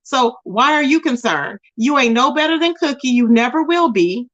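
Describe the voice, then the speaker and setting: A woman's voice: high-pitched, lively intonation, normal speed, fairly bright tone. A woman hosting her own commentary channel, ranting and scolding someone directly and repeating their name. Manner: scolding, confrontational, keeps repeating the target's name. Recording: dull lo-fi recording.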